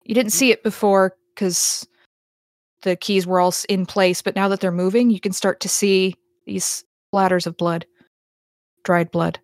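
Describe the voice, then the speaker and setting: A woman's voice: mid-range voice, steady tone, a little slow, dry recording, clean studio sound. A woman acting as game master who narrates a tabletop game in a descriptive way, often restarting her sentences.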